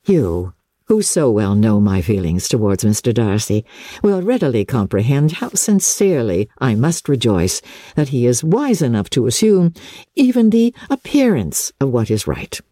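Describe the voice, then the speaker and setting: A woman reading aloud, voicing a charming young male officer who speaks in a low, measured, confiding way. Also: very animated, warm tone, husky, no room sound, clean studio sound, exaggerated voice.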